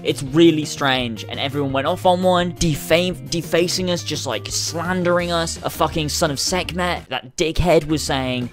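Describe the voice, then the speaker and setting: A man's voice: a little high, animated, moderate pace, few pauses, fairly bright tone, faint music behind. A man vlogging to camera in a casual rant, swearing heavily as he grows furious. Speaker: YouTuber.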